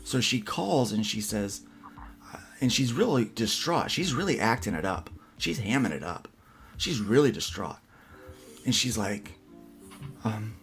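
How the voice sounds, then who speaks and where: A man with a low, gravelly voice hosts a casual podcast. He tells a long, rambling story full of restarts. Faint music plays beneath him. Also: animated, measured pace, pauses often, a bit bright. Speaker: podcast host. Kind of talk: casual livestream chat.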